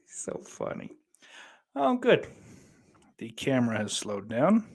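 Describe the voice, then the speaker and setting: A man's voice: mid-range voice, wildly swooping pitch, slow pace, a little mellow, breathy edge. A man co-hosting a podcast, reading live chat comments aloud in crude casual banter, laughing often and swearing freely.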